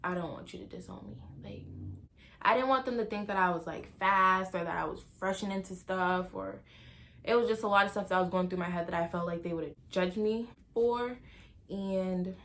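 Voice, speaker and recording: Brief: teenage girl vlogging a storytime, mid-pitched, lively, casual slang. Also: moderate pace. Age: late teens. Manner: animated, slangy retelling with quoted dialogue.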